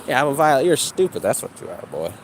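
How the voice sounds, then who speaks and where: A man's voice: mid-range voice, very animated, fast, slight background noise. A man ranting and mocking his critics with heavy profanity while he exercises outdoors. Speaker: livestreamer.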